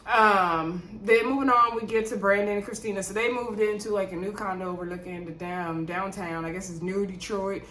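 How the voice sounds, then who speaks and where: A woman's voice: medium pitch, a bit bright, slight background noise. A woman giving a casual, rambling recap of a reality show, full of asides and fillers. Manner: rambling, chatty, digressive, with frequent asides and fillers. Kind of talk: casual chatty episode recap. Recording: roomy echo.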